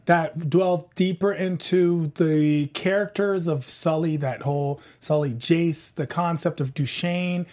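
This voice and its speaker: A man's voice: fairly high pitch, fairly even intonation, unhurried, few pauses, darkish tone. A young man as a guest on a TV recap panel, talking enthusiastically and joking. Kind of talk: casual TV recap chat.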